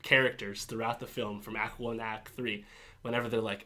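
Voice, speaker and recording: A man's voice: mid-range voice, fairly even intonation, brisk, sharp tone. A man co-hosting a casual podcast, talking enthusiastically about a film with frequent laughs and restarts. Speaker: podcast co-host reviewing a film. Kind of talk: casual chat.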